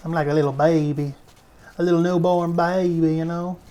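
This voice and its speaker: A woman's voice: fairly low pitch, fairly even intonation, normal speed, dark tone. A woman playing a video game and talking casually, goofing around and breaking into improvised silly songs. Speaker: let's play gamer. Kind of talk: casual gameplay commentary.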